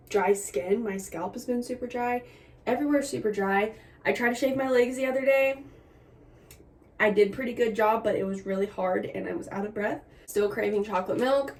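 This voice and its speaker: Slightly breathless and laughing through her complaints, a young woman vlogger gives a candid, chatty pregnancy update to a camera on a tripod at home. Her voice is a little high with a darkish tone.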